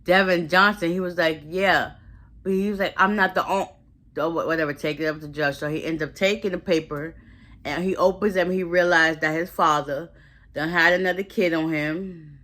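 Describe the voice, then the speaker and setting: A woman with a fairly low, sharp, bright voice chats through a movie recap. She talks in loose, slangy run-ons and slips into quick impressions of each character's lines. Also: steady tone. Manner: chatty, slangy retelling that acts out the characters' lines.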